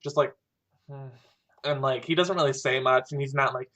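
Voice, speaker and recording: A man's voice: medium pitch, fairly even intonation, normal speed, a bit bright. A young man co-hosting a casual chat, rambling with lots of fillers and dry humor. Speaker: podcast co-host discussing fan fiction.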